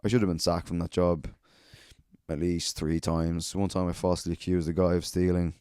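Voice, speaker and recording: Brief: Irish man, 30s, solo podcast host, deep and dark, sweary, sardonic rambling stories. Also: little pitch movement, moderate pace, clear, resonant tone, no room sound, clean studio sound.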